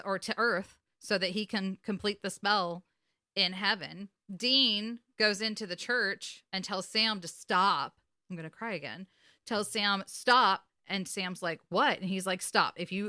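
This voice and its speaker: A woman talks through a TV episode in casual podcast chat. She swears freely and gets emotional as she retells scenes. Her voice is bright and forceful, and the recording is dry and close. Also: medium pitch, no room sound. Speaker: podcast co-host.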